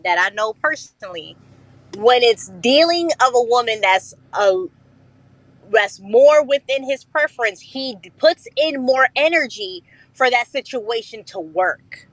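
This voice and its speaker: A woman's voice: on the high side, fairly bright tone, no room sound, low-quality recording. A woman joining a live chat room, explaining her view at length in an earnest, casual way. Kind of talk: casual discussion.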